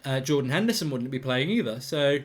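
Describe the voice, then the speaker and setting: A man's voice: medium pitch, expressive, moderate pace, bright, forceful tone. Chatty man hosting a live stream. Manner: chatty, opinionated, reads out viewer comments. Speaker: host. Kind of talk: live football watchalong commentary.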